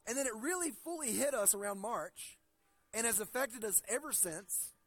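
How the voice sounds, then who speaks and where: A male pastor preaching a sermon. He reads scripture slowly and deliberately, then tells stories in a conversational way, often restarting his sentences. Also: extremely high pitch, lively intonation, fairly bright tone, no room sound. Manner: conversational storytelling with frequent restarts.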